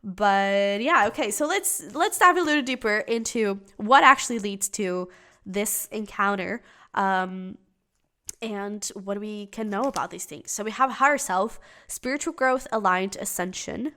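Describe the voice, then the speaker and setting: A woman's voice: mid-range voice, unhurried, bright, forceful tone. A woman giving a casual tarot reading to camera, chatty and giggly, with many fillers and restarts. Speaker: tarot reader.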